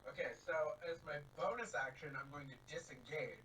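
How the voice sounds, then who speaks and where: Matter-of-fact male player, slightly high voice. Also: expressive, brisk, sharp tone, slight background noise, rough recording. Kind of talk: casual tabletop game chat.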